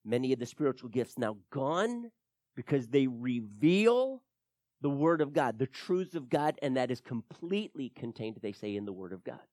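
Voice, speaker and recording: A man preaching a verse-by-verse sermon, emphatic and animated, at times repeating words as he stresses a point. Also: medium pitch, moderate pace, no echo, clean studio sound.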